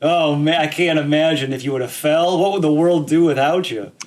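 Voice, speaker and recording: A young man with a notably high voice trades stories in a loose podcast chat. He talks with animated energy and slips into little voices when he quotes people. He sounds like he is on a video call from home. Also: fairly quick. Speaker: podcast co-host. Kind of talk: casual chat.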